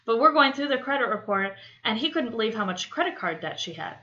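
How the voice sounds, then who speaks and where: A woman's voice: fairly high pitch, big pitch swings, quick pace, bright, forceful tone. A woman guest on a podcast, talking chattily about her work and telling anecdotes. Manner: chatty storyteller. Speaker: guest, credit repair specialist. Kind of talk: casual interview talk. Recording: slightly muffled podcast audio.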